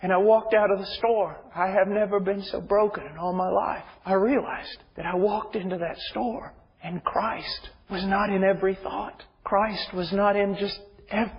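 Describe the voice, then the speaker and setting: A man preaching an impassioned sermon, dropping to hushed near-whispers and rising to loud fervent pleas. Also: high voice, normal speed. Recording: dull muffled sound with hall reverb.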